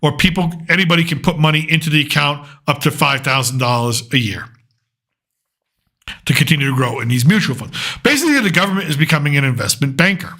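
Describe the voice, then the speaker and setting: An American man hosts a casual political commentary show on his own. His voice sits a little high and rings bright and pushy. He rambles and thinks aloud as he works through lists. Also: lively intonation, quick pace. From United States.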